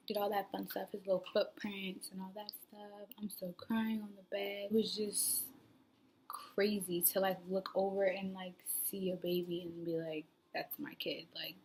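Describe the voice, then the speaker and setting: A young woman telling her own story in a casual vlog, rambling with lots of "like" fillers and sometimes dropping to a soft near-whisper. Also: medium pitch, slight background noise. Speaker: new mother vlogger.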